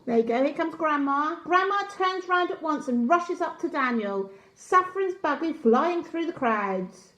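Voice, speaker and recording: Woman reading a picture book to toddlers, high voice, very lively, roomy echo. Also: measured pace, few pauses, lo-fi sound. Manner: gentle, asks children questions. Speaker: childcare storyteller.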